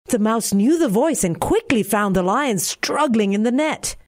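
A woman with a Singaporean accent reading a bedtime fable aloud in a gentle, expressive way. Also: fairly high pitch, a little slow. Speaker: narrator.

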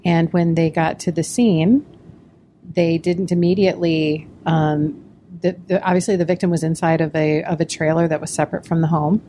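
A woman's voice: low-pitched, steady tone, normal speed, mellow, a little hiss or hum. A woman on a podcast who speaks earnestly and reflectively, with hesitant fillers. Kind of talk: podcast discussion.

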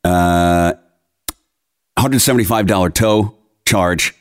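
A young adult podcast host from the Philadelphia area tells an exasperated, ranting story during casual chat. His voice sits low and comes out slow, clear, and resonant.

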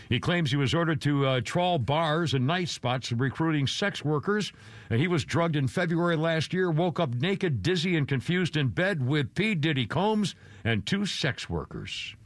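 A man's voice: a little high, no echo. A man hosting a casual radio show, rambling and joking at his own expense, often chuckling. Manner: rambling, chuckling, self-deprecating jokes. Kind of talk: casual morning radio banter.

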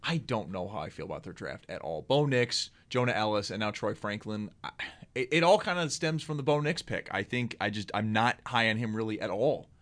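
A man's voice: on the low side, lively intonation, a bit bright. A man co-hosting a football draft show, talking casually and with strong opinions, often restarting his sentences. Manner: quick, opinionated, restarts a lot. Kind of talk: casual sports talk.

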